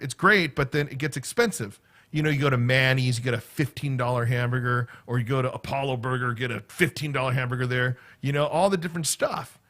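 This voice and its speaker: A man's voice: on the high side, fairly bright tone. A middle-aged man rambling casually to his viewers, stringing stories together with constant "right?" and "okay?" asides. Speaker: vlogger. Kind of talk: casual rambling chat to camera.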